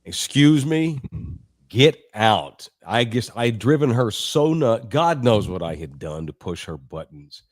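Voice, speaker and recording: A middle-aged man from Texas, co-hosting a sports podcast, telling childhood stories in a profane, animated, laughing way. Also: medium pitch, a little slow, hardly any pauses, no room sound, clean studio sound. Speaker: sports radio co-host. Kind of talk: casual podcast storytelling.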